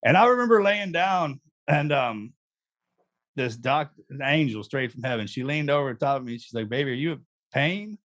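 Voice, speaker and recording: A man's voice: mid-range voice, expressive, moderate pace, fairly bright tone. A man, a guest recounting memories in a joking, laughing way. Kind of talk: casual storytelling.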